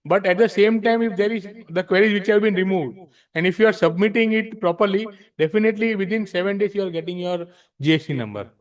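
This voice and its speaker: A man's voice: sits high, fast talker. A man with an Indian English accent explaining rules to a study-circle audience, frank and emphatic, switching between English and Hindi. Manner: frank, emphatic, repeats himself. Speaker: speaker at a tax practitioners' study circle. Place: library meeting room.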